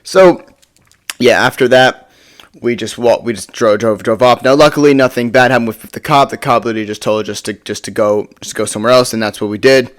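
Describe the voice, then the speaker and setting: A man with a mid-range voice tells a rambling story for his vlog, talking a little fast. He stumbles and stammers into frequent restarts, swearing casually as he goes.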